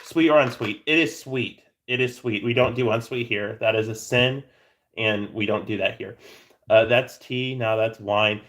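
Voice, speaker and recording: A man chats loosely on a live stream, answering viewers as he goes. His voice sits at an ordinary middle pitch. He rambles and jokes, often tripping over his words and starting sentences again. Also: normal speed, a bit bright. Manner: rambling and joking, with frequent stammered restarts. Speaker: livestream host. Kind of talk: casual livestream chat answering viewers.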